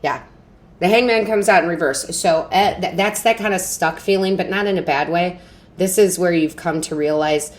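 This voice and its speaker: Brief: low-voiced woman, chatty and reassuring tarot reader, keeps asking "right?". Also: moderate pace. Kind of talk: casual tarot reading to camera.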